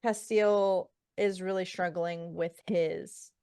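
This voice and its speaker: A woman's voice: on the low side, slow, clean tone, no room sound, clean studio sound. A woman co-hosting a book podcast, casually recapping chapters with profanity and acted-out quotes. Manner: profane, animated retelling with quoted character lines. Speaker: podcast co-host.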